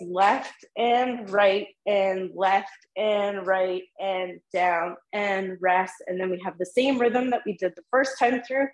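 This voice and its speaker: A woman's voice: mid-range voice, roomy sound, low-quality recording. A woman teaching tenor drumming in an online group lesson, patiently counting the rhythms aloud with frequent ums. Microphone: video call microphone.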